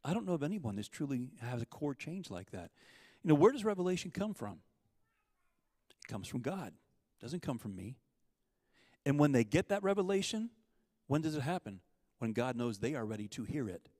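A man's voice: medium pitch, sing-song, moderate pace, darkish tone, dry recording. A man giving a conversational sermon as a guest speaker at a church service. He tells stories and asks his listeners questions.

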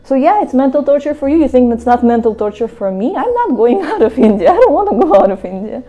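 A woman's voice: high-pitched, quick pace, dull audio, soft background music. A woman from Russia living in India, giving a casual spiritual talk to her viewers and acting out the voices in her stories. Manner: animated storytelling, acts out quoted voices. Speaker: devotional speaker. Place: Mayapur, India.

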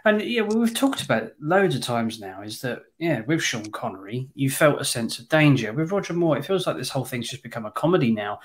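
A man reviewing a film in casual podcast chat, blunt and quick to swear. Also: mid-range voice, very animated. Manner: blunt, sweary, exasperated asides. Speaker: podcast co-host.

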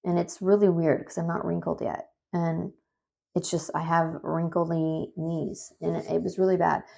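A creaky, low-sided voice belongs to a woman in her thirties telling a story about herself at normal speed. She's talkative and animated, scattering fillers and rambling asides throughout.

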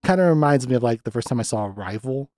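A man hosting a podcast, chatting loosely about a movie with lots of restarts and animated asides. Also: mid-range voice, fast talker, no echo, studio quality. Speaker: podcast host. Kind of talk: casual film discussion.

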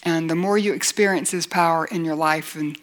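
A woman's voice: low voice, fairly even intonation, brisk. A woman Bible teacher giving a sermon in an earnest voice, asking rhetorical questions and rising to emphatic points.

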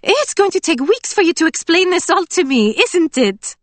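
A woman voicing a bubbly young waitress in an audiobook, with a high, drawn-out, gushing manner. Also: very animated, no echo. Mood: excited. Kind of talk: audiobook character voice.

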